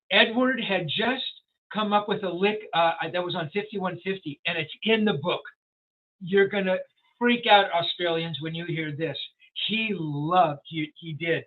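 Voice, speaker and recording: An older man, a music journalist, telling long rambling anecdotes in an interview, with many fillers. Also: high voice. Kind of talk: storytelling interview. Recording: tinny phone-like sound.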